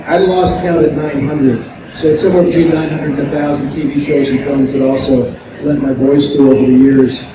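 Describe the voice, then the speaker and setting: Older man on a convention panel: chatty, anecdotal, slightly high voice, distant mic in an echoey, noisy hall. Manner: chatty, anecdotal, laughs often.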